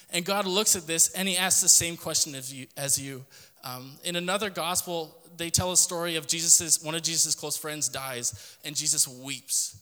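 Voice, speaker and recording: A man's voice: fairly high pitch, sharp tone. Man, podcast host; earnest devotional address, tense edge, reverberant room. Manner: earnest, direct address to listener. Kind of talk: devotional talk.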